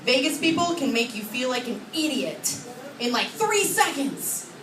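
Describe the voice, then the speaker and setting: A woman's voice: sits high, big pitch swings, a little slow, fairly bright tone. A young woman from Oregon performing a chatty, self-mocking stand-up set on a comedy club stage, acting out little voices. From Oregon, USA. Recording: echoey club, recorded from far off.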